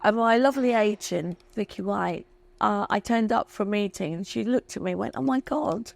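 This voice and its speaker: A woman's voice: medium pitch, normal speed, vocal fry. A woman in her fifties, a guest talking candidly and emotionally, chatty and self-mocking. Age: 50s. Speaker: interview guest. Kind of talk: candid chat.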